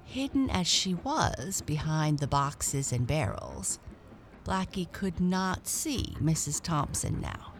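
A woman reading a children's storybook aloud in a gentle, expressive way. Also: deep voice, slow, slight background noise.

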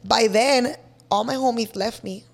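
A woman's voice: on the high side, unhurried, creaky. Brash, cussing woman LA. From East Los Angeles. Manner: brash, profane, animated. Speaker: podcast guest telling her story. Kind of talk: casual storytelling chat.

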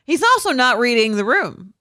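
A woman's voice: a little high, sing-song, moderate pace, pushed and bright, dry recording. A woman co-hosting a casual comedy podcast, reacting with dry, blunt remarks. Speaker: podcast co-host.

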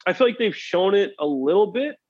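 A man speaking as a podcast guest in a relaxed, rambling way with many fillers. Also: high-pitched, brisk, husky, no room sound. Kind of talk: casual podcast chat. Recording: dull lo-fi sound.

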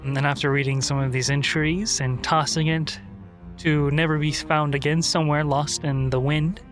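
A man's voice: on the high side, little pitch movement, moderate pace, faint music behind. Young male game master recapping the story. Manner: rambling, with many fillers.

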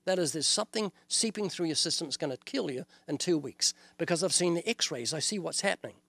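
An older evangelist with a New Zealand accent speaks earnestly on an interview show. His voice sits somewhat high for a man. He often slips into quoted dialogue to make his points. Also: expressive, fairly quick, creaky, a bit bright, slightly rough, no room sound. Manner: earnest, illustrative, quotes scripture and acts out dialogues. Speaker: evangelist guest. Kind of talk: preaching in an interview.

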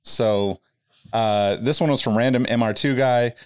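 A man hosting a casual podcast chat, easygoing and pausing often with fillers as he talks. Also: mid-range voice, smooth, dry recording. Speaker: podcast host.

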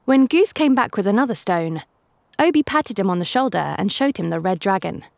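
A woman hosting a children's story podcast, narrating in an animated way with playful asides to young listeners. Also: medium pitch, fairly quick, creaky, dry recording, clean studio sound. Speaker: storyteller and host.

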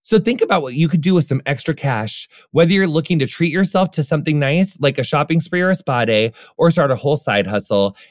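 A man's voice: fairly high pitch, animated, brisk, few pauses. A man in his thirties hosting a podcast in casual chat, effusive and gushing, calling people honey and saying like a lot. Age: 30s. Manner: effusive and gushing, calls listeners honey, heavy use of like. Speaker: podcast host.

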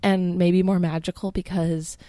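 A woman's voice: fairly low pitch, level tone, a little slow, warm tone, no room sound. A young woman co-hosting a podcast in casual chat, talking in a groggy, rambling way with lots of fillers. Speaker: podcast co-host.

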